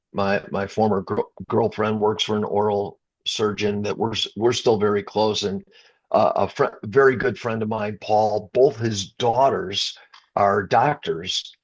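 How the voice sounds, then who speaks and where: Husky-voiced man telling a heartfelt story. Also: fairly low pitch. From Chicago area, USA. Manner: emotional, repeats and restarts, gets choked up. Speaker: rock band singer, interview guest. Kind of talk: conversational interview storytelling.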